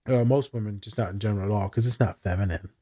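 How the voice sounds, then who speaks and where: Animated, cursing male therapist. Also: fairly low pitch, quick pace. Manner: animated, profane storytelling with quoted voices. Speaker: therapist and podcast host. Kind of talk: casual podcast chat.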